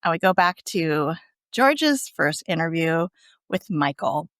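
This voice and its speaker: A woman's voice: low-pitched, takes it slowly, no echo, clean studio sound. A woman guest on a podcast, retelling episode scenes in a casual, chatty way. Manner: lively, chatty storytelling. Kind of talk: casual recap chat.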